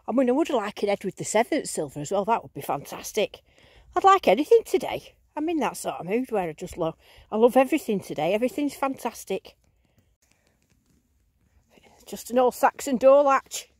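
A woman vlogging outdoors in a field, giving bubbly, excited running commentary as she digs and talking to her finds. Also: fairly high pitch, normal speed, dry recording, clean studio sound. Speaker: metal detecting vlogger.

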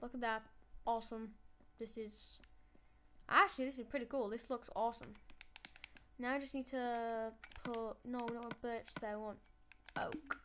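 A woman's voice: fairly high pitch, steady tone, moderate pace, bright, forceful tone, a little hiss or hum. A woman giving chatty let's-play commentary, talking to herself as she builds and playfully gloating at the game. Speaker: gameplay channel host.

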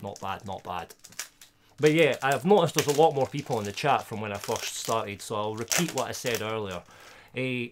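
Against a noisy background, a Scottish man of medium pitch and moderate pace opens trading card packs on a live stream. He chats casually with his viewers, getting loud and excited over good pulls.

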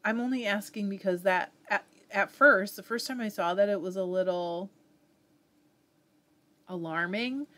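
A woman's voice: mid-range voice, a little slow, long pauses, fairly bright tone. A woman with a Southern US accent hosting a live fiber arts stream, chatting casually and reading viewer comments aloud with frequent laughs.

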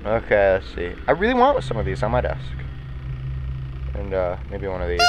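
A man's voice: low voice, huge pitch swings, moderate pace, very noisy. A man hosting a gaming video, rambling and joking to himself through let's-play commentary. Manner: rambling, jokey self-talk.

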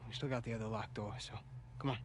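An actor playing an easygoing older brother in video game cutscene dialogue, talking in a relaxed, coaxing way. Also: male voice, on the low side, quick pace, husky, dry recording. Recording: game audio under loud score.

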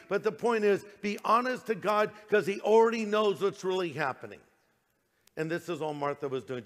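A man's voice: high-pitched, a bit bright, big-room sound. An older man, a pastor, preaching a sermon in a conversational way, slipping into quoted voices.

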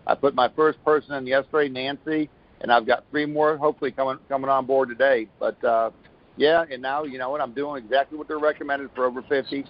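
A man talks through a long, upbeat testimonial, rambling and restarting as he goes. His pitch sits right in the middle of the range. The call comes through muffled and lo-fi. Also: steady tone, quick pace. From Florida. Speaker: caller giving a product testimonial. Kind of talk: casual phone call testimony.

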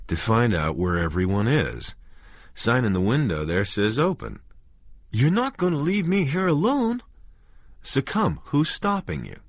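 A man voicing an angry, stubborn husband who speaks bluntly and forcefully. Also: low-pitched, wildly swooping pitch, moderate pace, breathy edge, no echo, clean studio sound, heavily acted. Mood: curt.

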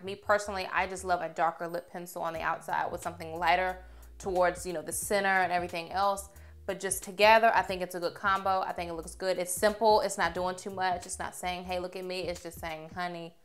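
A young woman reviewing makeup on camera in a chatty, expressive way, gushing over what she tries. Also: fairly low pitch. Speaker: beauty vlogger.

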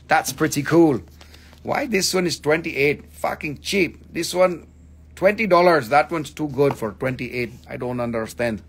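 Husky man joking while selling rocks. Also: a little high. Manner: joking, profane, rambling. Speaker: crystal shop host. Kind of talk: casual live sales stream.

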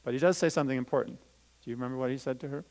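A man's voice: medium pitch, very fast, a little mellow, low-quality recording. A man, a pastor, reading a scripture story aloud and explaining it simply to children. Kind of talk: children's talk. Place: church sanctuary.

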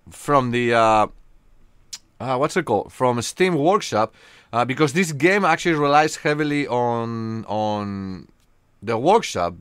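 A young man from Spain with a Spanish accent, chatting casually and joking with viewers during a live game stream, often pausing on fillers. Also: medium pitch, fairly bright tone, clean tone, no echo.

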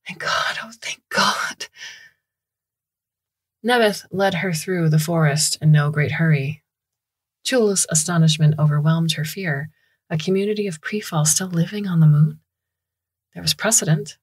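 A woman narrating a science fiction story in a measured, steady storytelling style on a close studio mic. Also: deep voice, breathy edge.

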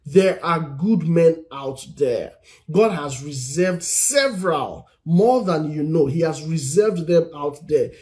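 A Christian teacher speaking on singles and marriage delivers an earnest, encouraging sermon-style lesson over a phone live stream. His voice sits on the high side, with lively intonation and a slow, slightly mellow delivery. He repeats his points and reads scripture aloud.

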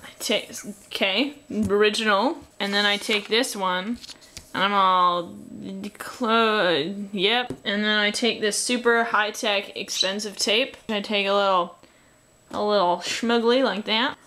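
A woman's voice: medium pitch, unhurried, bright, forceful tone, a little hiss or hum. A young Canadian woman with a Canadian accent talks her way through a drawing tutorial. She is dry and self-mocking, and she often trails off into muttered asides while she works. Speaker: artist drawing tutorial host. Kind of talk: casual drawing commentary.

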